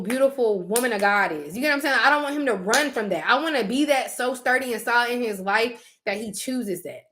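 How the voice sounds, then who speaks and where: A young woman, chatting casually and expressively to her viewers. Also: fairly high pitch. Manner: chatty, expressive, Southern US slang. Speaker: vlogger. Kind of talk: casual chat to camera.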